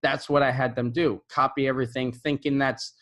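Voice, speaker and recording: A man who is an English teacher, giving teaching tips to camera in a relaxed, conversational way and often checking in with "right?". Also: mid-range voice, a little fast. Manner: models intonation by repeating example phrases.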